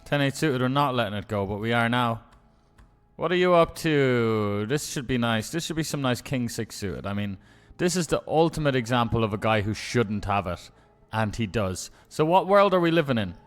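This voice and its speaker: A man's voice: mid-range voice, animated, normal speed, faint music behind. Muttering, profane man streaming poker. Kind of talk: live-streamed game commentary.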